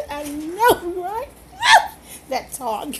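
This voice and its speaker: A woman's voice: extremely high pitch, very animated, extremely slow, noisy background. A woman in her home kitchen demonstrating a recipe, chatting playfully and folksily with her viewers. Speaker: home cook. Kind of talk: cooking demonstration.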